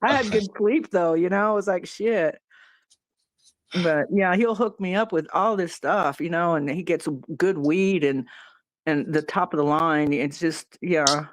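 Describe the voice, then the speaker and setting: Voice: medium pitch, a little slow, no echo. Chatty speaker, dry close sound. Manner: rambling, chatty, with swearing and fillers. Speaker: friend in conversation. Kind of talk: casual chat.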